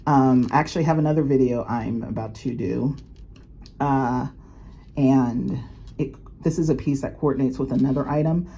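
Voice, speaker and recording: In a rumbling low, warm voice, a luxury unboxing vlogger chats and rambles about her new jewelry, laughing often during the casual show-and-tell. Slight background noise sits under her speech.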